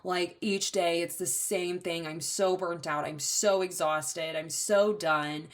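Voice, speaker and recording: A woman's voice: lowish voice, fairly even intonation, slow pace. A woman giving a pick-a-card tarot reading, chatty and empathetic, rambling with many fillers. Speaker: tarot reader.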